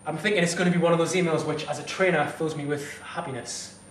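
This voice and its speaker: Fitness guy ranting to camera, fairly high voice, blunt and swearing, echoey room. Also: fast talker, far from the mic, a little hiss or hum. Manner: heated, indignant, blunt, swears. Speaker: fitness instructor. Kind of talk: direct-to-camera advice vlog.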